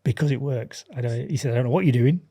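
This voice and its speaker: A man's voice: medium pitch, quick pace, dark tone, slightly rough. A man chatting as a podcast guest, animatedly acting out dialogue and laughing often. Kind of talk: casual chat.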